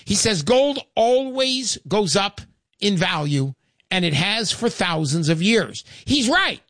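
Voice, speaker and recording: An older man hosts a call-in radio show in a high, lively voice that swoops up and down. He talks in a chatty, emphatic way and repeats his points, and the sound is dry and close. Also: takes it slowly, no room sound. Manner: animated, chatty, emphatic repetition.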